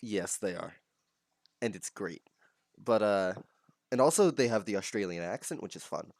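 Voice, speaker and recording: A young Texan man co-hosts a casual podcast, his lowish, darkish voice expressive and moderately paced. He rambles, jokes, and cuts himself off, captured in a dry, clean studio recording.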